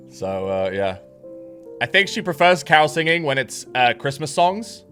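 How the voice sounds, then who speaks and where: A man's voice: fairly high pitch, very animated, moderate pace, a bit bright. Brief: man, casual storyteller, rambling, swears often, laughs a lot, faint guitar behind. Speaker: streamer telling a story. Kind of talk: casual anecdote.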